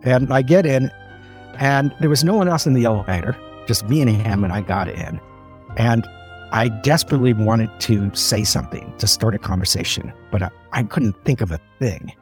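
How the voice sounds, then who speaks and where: A man's voice: medium pitch, normal speed, soft background music. A man recounting a wry, awkward story in a casual way. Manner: wry, building to comic repetition. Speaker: guest storyteller. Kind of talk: casual anecdote telling.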